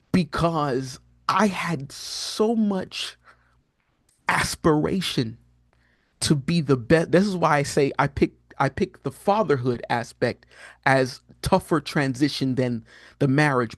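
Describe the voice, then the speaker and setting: A man in his thirties, a guest on a podcast, telling a personal story in a casual, earnest way. He often restarts and fills his speech, and his voice jumps much higher when he quotes himself. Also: unhurried, no echo, studio quality. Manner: animated, rises sharply in pitch when quoting himself; frequent fillers and restarts, earnest and candid. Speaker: podcast guest, prophetic teacher.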